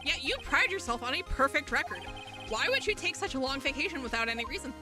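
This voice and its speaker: A woman's voice: high-pitched, lively intonation, fast talker, music in the background, pitched below the performer's own voice. Woman reading a determined young defense lawyer. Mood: pressing.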